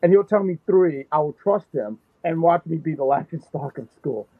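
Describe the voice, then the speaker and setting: A man's voice: a little high, lively intonation, moderate pace, no echo. A man in his thirties co-hosting a casual wrestling chat, riffing and joking playfully. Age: 30s. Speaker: podcast co-host. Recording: thin phone-like line.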